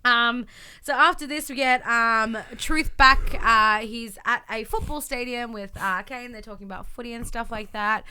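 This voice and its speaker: A woman's voice: fairly high pitch, normal speed, bright, forceful tone, clear, resonant tone. A woman co-hosting a podcast, recapping events in casual chat and acting out quotes in exaggerated voices. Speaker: podcast co-host.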